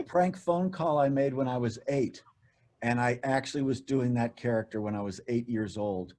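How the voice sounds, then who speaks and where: A man chatting casually as a guest, relaxed and self-deprecating as he looks back on his writing and voice work. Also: medium pitch, normal speed. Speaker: guest, animation writer and voice actor. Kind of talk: casual chat.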